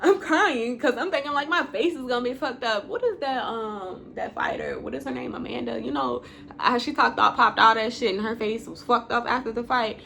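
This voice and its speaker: A woman's voice: a little high, big pitch swings, moderate pace, creaky, pushed and bright, a little hiss or hum. A woman telling a personal story in a storytime vlog, blunt and profane, emotional, breaking into laughs now and then.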